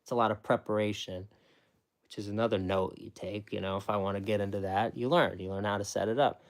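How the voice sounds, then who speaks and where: A man with a fairly low voice walks through his method step by step. He repeats phrases for emphasis and restarts his sentences often, in a loose, casual way. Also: steady tone, fairly quick. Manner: explains step by step. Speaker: former sandwich shop worker. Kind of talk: casual explanation.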